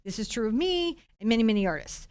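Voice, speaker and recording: A woman's voice: fairly high pitch, quick pace, no room sound. Chatty American woman teaching painting. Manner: chatty, animated, warm asides to chat viewers. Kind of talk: chatty live-streamed painting lesson.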